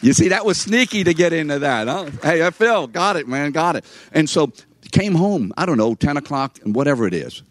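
A man's voice: fairly high pitch, sing-song, fairly quick, no echo. An older man giving a sermon as a story, chatty and conversational, speaking straight to his listeners. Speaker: preacher.

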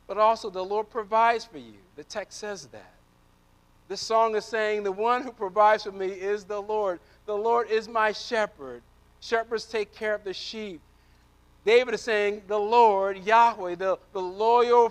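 High-voiced bright preaching man. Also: clear, resonant tone. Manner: swings from loud preaching to hushed near-whisper, repeats words. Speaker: pastor. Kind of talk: sermon.

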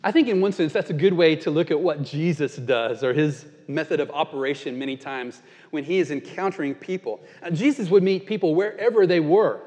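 A man's voice: high voice, a little mellow, long reverb tail. A male pastor giving a sermon, telling a story in an earnest, conversational way.

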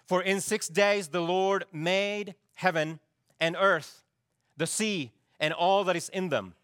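A man's voice: high voice, sharp tone, no echo, clean studio sound. A middle-aged man preaching a sermon, emphatic and asking his congregation questions as he goes. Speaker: pastor.

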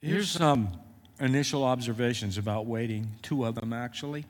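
A man preaching a sermon as pastor, speaking in a personal, emotional way with frequent halting restarts. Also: medium pitch, in a large hall.

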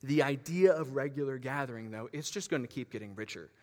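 A man's voice: mid-range voice, a little fast. A man preaching a sermon in a church gym, telling a story with lots of fillers and restarts. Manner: animated, with frequent fillers and restarts. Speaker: pastor. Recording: long hall reverb.

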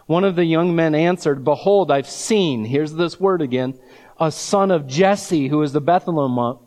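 A man preaching a sermon, slow and emphatic, drawing out key words and breaking into scripture readings with his own asides. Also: on the high side, a little mellow, long reverb tail. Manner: reads scripture aloud with asides. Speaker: pastor.

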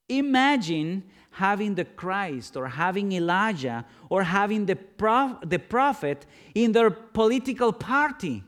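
Slow, dramatic male preacher. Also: lively intonation. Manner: dramatic, swings from loud questions to hushed low lines. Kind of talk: sermon.

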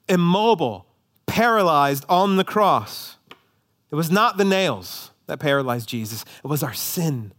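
A man preaching a sermon, swinging between loud, urgent emphasis and hushed, intimate appeals. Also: mid-range voice. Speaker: pastor.

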